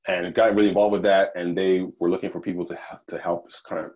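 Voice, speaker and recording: A man from Nigeria who grew up in the United States, speaking as a podcast guest in a thoughtful, measured way with fillers and restarts. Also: deep voice, little pitch movement, a little mellow, dull audio. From Nigeria, raised in the United States. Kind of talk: conversational interview.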